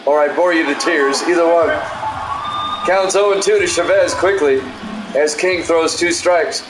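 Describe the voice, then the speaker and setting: A play-by-play announcer calls a simulated baseball game in an unhurried, calm manner he himself calls soothing, chatting with viewers between pitches. He has no regional accent, and the echoey room carries loud background noise.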